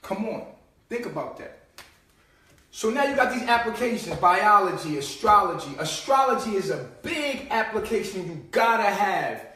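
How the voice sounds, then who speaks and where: Speaking at a moderate, expressive pace, the high-voiced host gives a loose live-stream monologue full of profanity and mockery in a streetwise style. He alternates low muttering with loud bursts, far from the mic in a room with lots of echo.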